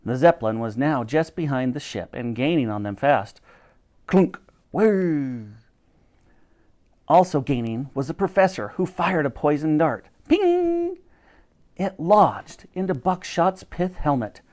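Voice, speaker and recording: Male storyteller, animated, lively pitch, dramatic reading. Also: moderate pace, few pauses. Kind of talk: reading a children's book aloud.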